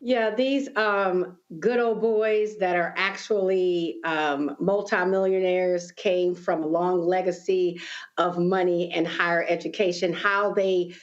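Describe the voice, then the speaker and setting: Woman on a panel, lowish voice, dull sound, wry. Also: fairly even intonation, slow pace. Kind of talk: casual political commentary.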